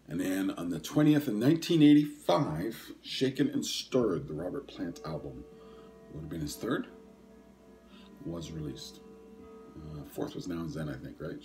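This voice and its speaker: A man in his sixties hosts a casual solo podcast, rambling and hesitant, full of ums and self-corrections. His voice is low and warm, and he coughs and sniffles throughout. There's a faint hiss or hum on the recording.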